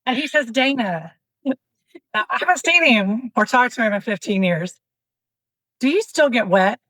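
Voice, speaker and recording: A woman in her fifties spins a candid, comic story on a podcast, voicing both sides of the conversation and swearing freely. Her voice sits a little high for a woman, and the recording is close and dry with no room sound. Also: lively intonation, moderate pace, a bit bright, no room sound, low-quality recording. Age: 50s. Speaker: podcast guest.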